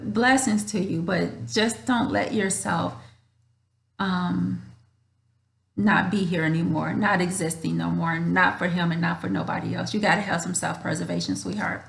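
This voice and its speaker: A woman's voice: on the low side, fairly even intonation, normal speed, creaky. A woman host talking to her viewers from home in an earnest, emotional way, often repeating herself. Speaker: channel host. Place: home room with a dryer running. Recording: roomy echoey room.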